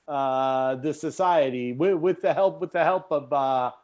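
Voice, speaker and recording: A man improvising comedy over a video call, with a voice a touch higher than most men. He stumbles forward in halting bits and restarts lines as he goes. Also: darkish tone, faint music behind. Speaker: improv performer.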